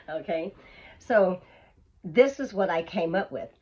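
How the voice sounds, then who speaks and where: A woman vlogger telling an animated, emphatic storytime, on a dull lo-fi recording. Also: lowish voice, slow, breathy edge. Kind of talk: storytime vlog.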